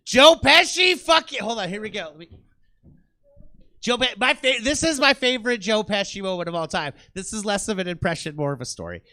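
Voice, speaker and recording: A man's voice: high-pitched, animated, a little fast, sharp tone. A man doing stand-up comedy in a small theater, ranting in an exasperated, self-deprecating way to a live audience.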